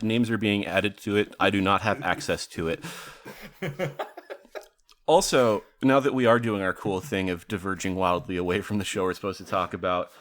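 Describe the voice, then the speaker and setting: A man with a fairly low voice co-hosts a podcast in loose, casual chat. He drifts off on tangents, laughs often and swears freely. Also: a bit bright. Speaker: podcast co-host.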